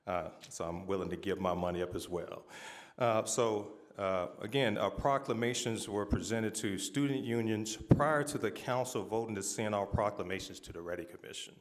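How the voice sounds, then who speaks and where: A man giving a firm, deliberate public comment at a city council meeting. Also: lowish voice.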